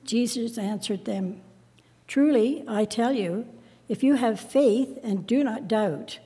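A woman reading a scripture passage aloud in a measured, careful way during a service. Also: a little high, warm tone, breathy edge, long reverb tail. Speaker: scripture reader.

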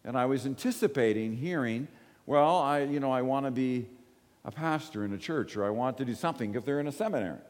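Man, preacher, conversational sermon, storytelling, frequent check-ins, medium pitch, long hall reverb. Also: a little fast. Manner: animated storyteller, often asks the room "right?".

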